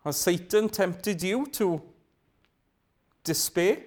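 A man's voice: high-pitched, slow, darkish tone. A man preaching a sermon. He asks rhetorical questions, repeats phrases for emphasis and sometimes drops to a whisper.

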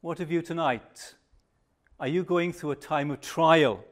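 An older man preaching a sermon, measured and emphatic, dropping to a hush on reflective pauses. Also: a little high.

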